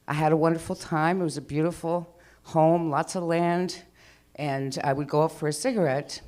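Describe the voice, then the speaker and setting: A woman's voice: deep voice, darkish tone. Chatty woman telling a story on stage. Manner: chatty, rambling, acts out voices. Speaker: open-mic storyteller. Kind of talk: live storytelling. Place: live venue stage.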